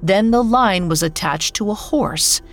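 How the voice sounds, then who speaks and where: A woman telling a fairy tale as a scripted podcast narration, measured and unhurried. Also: medium pitch, soft background music. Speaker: storyteller.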